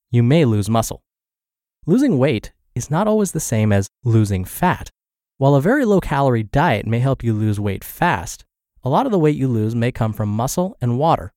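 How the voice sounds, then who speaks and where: A man's voice: mid-range voice, no room sound. Congested male podcast narrator, dry sound. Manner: steady, informative reading. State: congested and scratchy from flu. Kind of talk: reading blog posts aloud.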